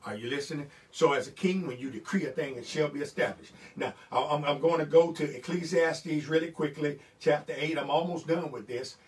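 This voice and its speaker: A man preaching a sermon, repeating lines and building to shouted fervor. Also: fairly high pitch, fairly quick, few pauses, recorded from a distance.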